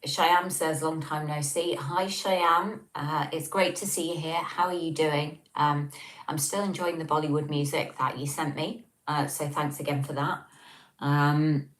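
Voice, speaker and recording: A woman's voice: low voice, fairly even intonation, unhurried. A woman with an English accent hosting a casual livestream at home, reading comments and chatting with lots of ums, recorded on a tablet on a table. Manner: chatty, rambling with many ums. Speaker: livestream host.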